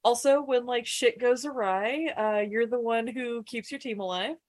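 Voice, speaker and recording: Brief: woman co-host, bright higher voice, blunt and sweary. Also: normal speed. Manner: blunt, swears freely, laughs along. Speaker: podcast co-host. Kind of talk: casual chat.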